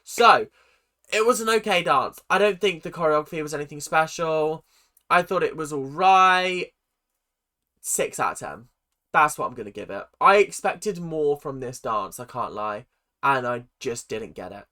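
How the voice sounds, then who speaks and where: A man's voice: fairly high pitch, animated, moderate pace, pushed and bright. A man giving chatty, sarcastic reaction commentary as host of his channel.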